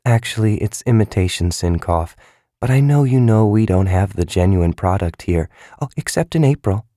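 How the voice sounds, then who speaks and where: A man voicing a tall young woman who speaks in a friendly, close, soft way. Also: fairly low pitch, lively intonation, moderate pace, no room sound, close to an everyday voice.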